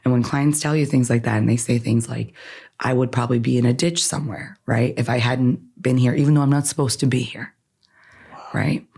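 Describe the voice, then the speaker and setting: An earnest woman lawyer, born in Iran, talks through her experiences as a podcast guest. She speaks in an animated, conversational way and keeps checking in with "right?" after her points. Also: extremely low pitch, fairly quick, creaky, breathy edge. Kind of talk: conversational interview.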